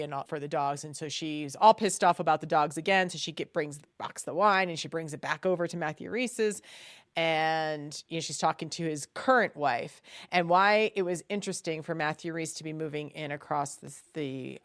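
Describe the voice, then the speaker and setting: Chatty low-voiced woman, dry close mic. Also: moderate pace, dry recording. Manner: chatty and animated, breaks into loud exasperated quoted outbursts. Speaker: podcast co-host. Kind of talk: casual chat reviewing a TV series.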